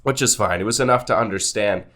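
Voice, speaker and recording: A man's voice: lowish voice, fast. A young man co-hosting a podcast, chatting casually with rambling, jokey storytelling. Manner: rambling, jokey, laughs loudly. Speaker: podcast co-host. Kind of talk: casual chat.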